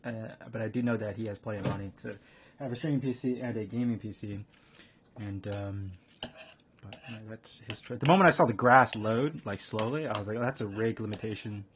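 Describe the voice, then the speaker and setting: A man's voice: on the low side, fairly quick. Rambling male streamer, lo-fi audio. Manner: rambling, laughs hard at chat. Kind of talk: casual live-stream chat. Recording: dull lo-fi stream audio with faint noise.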